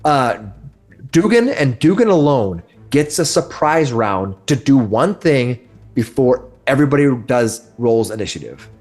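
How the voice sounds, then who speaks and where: A man's voice: medium pitch, big pitch swings, a little slow, darkish tone, soft background music. A man narrating as game master of a tabletop game, often restarting and correcting himself mid-sentence. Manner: rambling, self-correcting narration.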